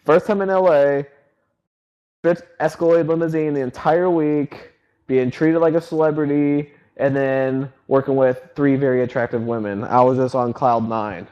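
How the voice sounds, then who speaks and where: An excited young man hosts a casual podcast and tells stories in a loose, rambling way, full of fillers. His voice sits in an ordinary middle pitch. The audio is a little dull and lo-fi. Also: normal speed. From North Carolina, US. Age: 20s. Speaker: website founder and podcast host. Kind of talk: casual storytelling chat.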